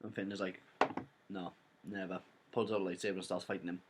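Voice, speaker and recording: A young Welsh man talking through a film's plot in a loose, rambling way, leaning on "like" and "basically". His voice sits a little low, and he speaks casually, straight to his viewers. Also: level tone, brisk, pauses often, slight background noise. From Wales. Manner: rambling retelling full of "like" and "basically". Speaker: film reviewer. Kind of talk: casual spoiler review.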